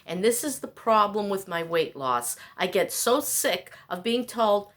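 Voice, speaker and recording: A woman's voice: mid-range voice, expressive, a little slow, a bit bright. A woman vlogger delivering a rambling, exasperated, self-mocking monologue.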